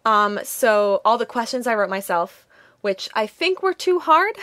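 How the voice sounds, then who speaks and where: A woman's voice: a little high, sing-song, a little slow, sharp tone, dry recording. A young woman with a Minnesotan accent, co-hosting a podcast in casual chat, gushing and giggly with lots of fillers. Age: young adult. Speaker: podcast co-host.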